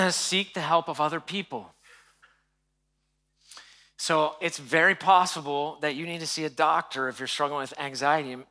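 Bright-voiced man in his forties preaching. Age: 40s. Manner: soft and hushed while telling a personal story, louder and higher when preaching. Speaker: pastor. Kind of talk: sermon.

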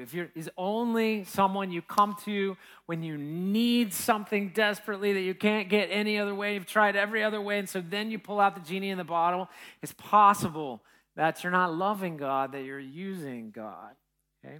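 A man's voice: high voice, normal speed, bright, forceful tone. A man preaching a conversational sermon as a pastor, telling a personal story and checking in with his listeners as he goes. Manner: storytelling, with asides to the congregation.

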